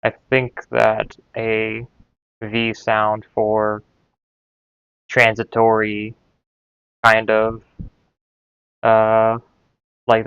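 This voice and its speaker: Unhurried male learner musing to himself, hesitant and trailing off, crisp clear voice. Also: fairly low pitch, a bit bright, dry recording, dull audio. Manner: hesitant, trails off, repeats syllables aloud. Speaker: language learner. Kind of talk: casual thinking aloud while studying.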